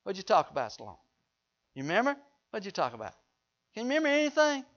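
A man's voice: sits high, huge pitch swings, rapid-fire, fairly bright tone. A man preaching a sermon in a folksy way, joking with the congregation. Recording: dull lo-fi recording.

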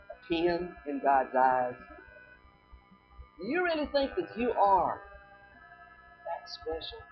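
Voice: mid-range voice, slightly rough. A preacher giving a sermon, asking the listeners rhetorical questions, repeating phrases and quoting scripture in old-fashioned wording. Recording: dull lo-fi recording with faint music.

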